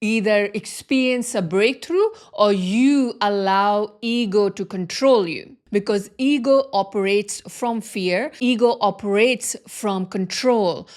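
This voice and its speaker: A woman's voice: mid-range voice, takes it slowly, a little mellow. A woman giving a motivational spiritual talk as a wealth and healing coach, speaking earnestly and repeating her phrases for emphasis.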